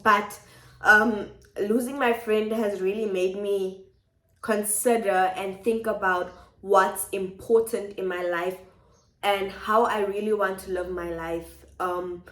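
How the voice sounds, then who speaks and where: Speaking slowly in a fairly bright, medium-pitched voice with fairly even intonation, a woman from South Africa confides in her viewers from her home kitchen. She reflects aloud and circles back on repeated phrases, and the room echoes.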